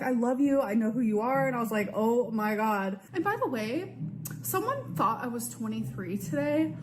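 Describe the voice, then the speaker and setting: A woman talking casually to her camera as a vlogger, chatty and full of "like.". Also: on the high side. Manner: chatty, peppered with "like". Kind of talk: casual vlog chat. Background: background music.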